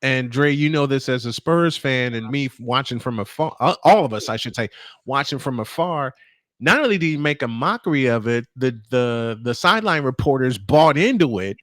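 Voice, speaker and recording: A man co-hosting a sports podcast, telling anecdotes in a casual chat with halting restarts. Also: mid-range voice, expressive, a bit bright, dry recording, clean studio sound. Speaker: podcast co-host.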